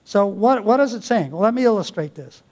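Male pastor, high-pitched, earnest exhorting sermon delivery to a congregation. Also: lively intonation, brisk, darkish tone. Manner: earnest, exhorting, with rhetorical questions.

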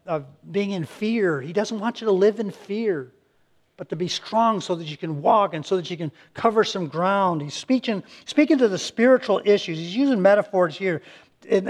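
A man preaching a sermon as pastor, earnest and conversational, often restarting words and acting out little quotes. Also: high voice.

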